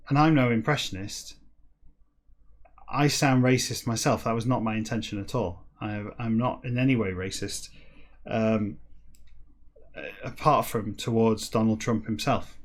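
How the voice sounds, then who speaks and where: A man hosting a rambling solo comedy podcast at a mid-range pitch. He drifts off on self-deprecating tangents, then reads text aloud slowly and haltingly, word by word. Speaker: podcast host.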